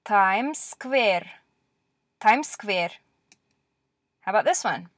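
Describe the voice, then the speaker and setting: A woman teaching a lecture-style language lesson, repeating words slowly and clearly with patient encouragement. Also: medium pitch, lively intonation, fairly bright tone, dry recording, clean studio sound.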